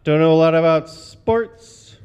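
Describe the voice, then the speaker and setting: A man's voice: fairly high pitch, measured pace, a little mellow, smooth. A man performing stand-up one-liners at an open mic, with dry, awkward, self-deprecating asides. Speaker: stand-up comic. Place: brewery taproom stage.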